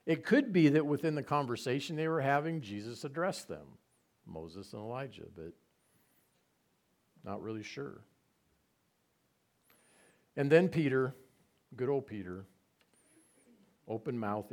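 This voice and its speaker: A man giving a conversational Bible teaching, relaxed and asking his listeners rhetorical questions. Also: medium pitch, a little slow, pauses often.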